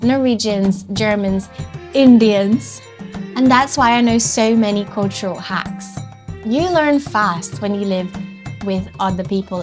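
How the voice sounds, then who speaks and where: Young brazil-born woman, accent mixes brazilian and british, playful and dramatic, bit high voice, light music under. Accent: mixed Brazilian and British. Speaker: vlogger. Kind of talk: comedic storytelling vlog.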